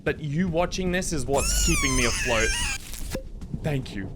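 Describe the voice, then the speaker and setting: A man's voice: high voice, wildly swooping pitch, normal speed, very noisy. A man giving goofy, dramatic, self-mocking commentary while playing a video game. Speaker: gaming video creator. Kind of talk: let's-play commentary.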